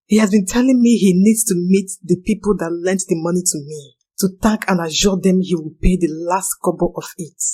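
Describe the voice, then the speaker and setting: A woman's voice: fairly low pitch, fairly even intonation, fairly quick, few pauses, dark tone, breathy edge. A young woman narrating a personal confession in an earnest, anxious manner.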